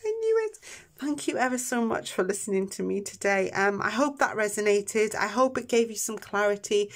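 A woman giving a chatty, emotional tarot reading, soft-spoken with many ums, tearing up at times. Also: mid-range voice, animated, moderate pace. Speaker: tarot reader. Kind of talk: pick-a-card tarot reading.

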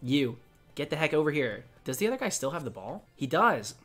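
An excitable man talking through a video game for his channel, his pitch leaping up and down as he chats. He keeps cooing at the creatures on screen between bursts of excitement. Faint music plays behind him. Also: fairly quick. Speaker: gaming YouTuber. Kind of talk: excited gaming commentary.

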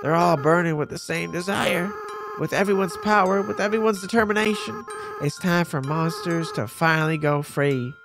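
A man voicing a gentle, remorseful young goat-monster boy, reading the game's dialogue in a soft, earnest way. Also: a little high, moderate pace, creaky, over music, pitched below the performer's own voice.

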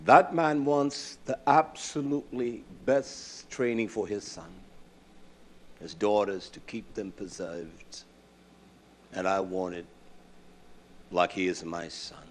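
A man preaching a sermon in a conversational way, swinging from hushed asides to loud bursts and asking his listeners questions he answers himself. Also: lowish voice, slow pace, long pauses, slight background noise. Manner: asks the congregation questions and answers them himself.

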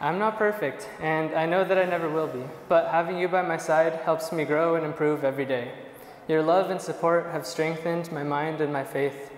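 A young groom reads his vows softly, with emotion close to the surface. His fairly high voice rings out in a reverberant hall, with faint room noise behind it. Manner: soft, emotional, reading from notes. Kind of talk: reading wedding vows.

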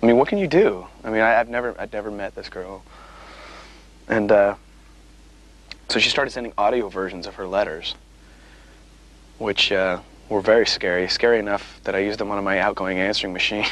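Wry, rambling man with a low voice. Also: a bit bright, slight background noise, poor audio. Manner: rambling, wry storytelling with many fillers. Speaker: musician being interviewed. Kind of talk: casual interview chat.

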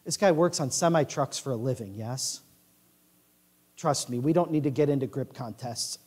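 A male pastor preaching a sermon in a church, swinging from quiet asides to loud declarations. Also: mid-range voice, normal speed, breathy edge, long reverb tail. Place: large church sanctuary.

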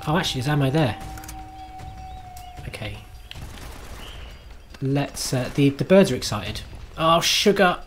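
A man's voice: medium pitch, measured pace, long pauses, a little mellow. Guy streaming a game, laughing at himself, cursing, chatting to chat, bit of music underneath. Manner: self-mocking, chatty, swears and laughs at his own play. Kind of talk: live gameplay commentary.

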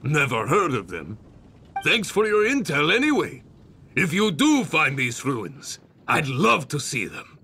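A jovial adventurers' guild greeter in a game, with a gravelly, bright edge. He speaks slowly, with big swooping pitch, over faint game music. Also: wildly swooping pitch, slight background noise, exaggerated voice. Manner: jovial, booming greeting, drawn-out words. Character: hearty adult male guild receptionist. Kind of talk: game dialogue.

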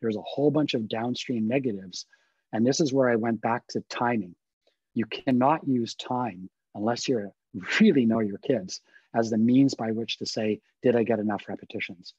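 A man's voice: medium pitch, normal speed, darkish tone, slightly rough, no room sound, lo-fi sound. A man giving a webinar lecture to coaches, explaining points with emphatic repetition. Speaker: guest expert speaker. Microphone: video call.

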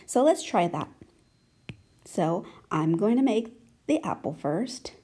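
A woman teaching young children to write letters, speaking gently and encouragingly and often asking if they can see. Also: medium pitch, very animated, husky. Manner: gentle, slow and encouraging, asking many check questions. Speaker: handwriting teacher. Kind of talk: children's handwriting lesson.

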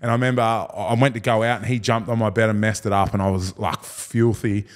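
A man's voice: lowish voice, fairly even intonation, quick pace. Man, 30s, Australian accent, guest, casual storytelling, rambling, laughing, slangy. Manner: rambling, laughs through his stories, slangy. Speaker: guest, former rugby league player.

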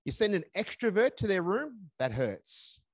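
Older man, lively teaching voice. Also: sits high, moderate pace, husky, no echo, studio quality. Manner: conversational, acts out calm parent dialogue. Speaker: seminar speaker. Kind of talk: parenting seminar talk.

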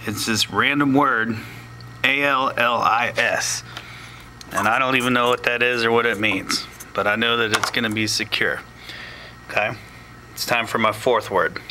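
A man teaching a step-by-step tutorial, explaining slowly and plainly with small joking asides. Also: mid-range voice, steady tone, background noise.

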